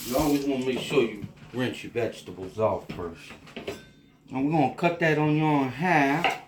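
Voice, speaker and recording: A man's voice: medium pitch, reverberant, noisy background. A tipsy man with a Louisiana Cajun accent, cooking and rambling in a folksy, drawling way for a casual cooking vlog. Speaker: home cook.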